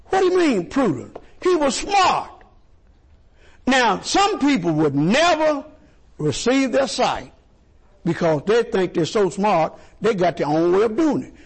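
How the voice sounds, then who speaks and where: A man preaching a sermon, animated and repetitive, asking the congregation questions and stumbling over words. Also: sits high, slow, vocal fry, slightly rough. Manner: animated call-and-response preaching, repeats and stumbles.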